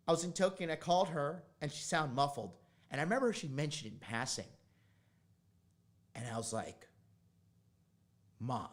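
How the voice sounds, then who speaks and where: A dating coach hosts a casual livestream as the show's host, speaking bluntly, rambling onto tangents, and swearing now and then. His mid-range voice has a sing-song quality, at a moderate pace with long pauses.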